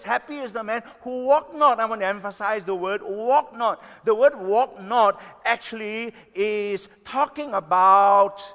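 A pastor in his sixties preaching a sermon, emphatic, stretching key words slowly and swinging between loud and soft. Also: sits high. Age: 60s. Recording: long reverb of a hall.

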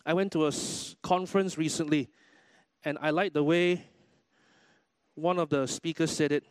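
A man preaching a sermon in a church, animated, acting out everyday quotes as he goes. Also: a little high, moderate pace, clean tone, no echo. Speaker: pastor.

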